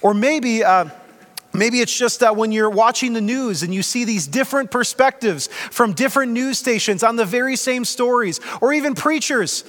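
High-voiced man preaching in a hall. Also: moderate pace. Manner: conversational, gently humorous preaching. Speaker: pastor. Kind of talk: sermon.

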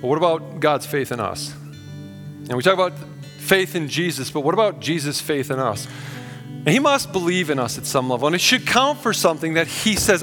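A man's voice: a little high, very animated, a little fast, fairly bright tone, in a large hall, soft background music. A man preaching a sermon as pastor, earnest and conversational, acting out quotes as he goes.

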